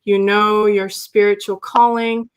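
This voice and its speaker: A woman's voice: mid-range voice, level tone, measured pace, clean tone. Woman doing a spiritual reading on a livestream, rambly and affirming, lots of restarts. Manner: warm, affirming, meandering with restarts. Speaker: human design reader. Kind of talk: livestream reading, casual chat.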